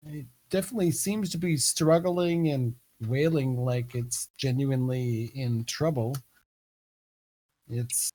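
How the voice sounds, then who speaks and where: Narrating a tabletop session as game master, a man with a medium-pitched voice speaks in a laid-back, hesitant way, using lots of fillers.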